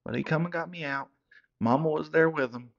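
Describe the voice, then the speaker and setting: A man in his 30s plays a comedy character, spinning a rambling comic story in a hillbilly drawl full of stumbling repeats. His pitch sits fairly high, he talks a little fast, and there's vocal fry in his voice. The recording is dull and lo-fi.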